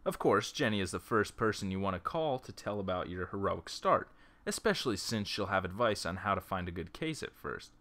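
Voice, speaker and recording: Male let's-player reading a text game with jokey asides, bright forceful voice, laptop mic. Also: on the low side. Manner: breaks off into joking, laughing side comments. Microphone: laptop's built-in mic.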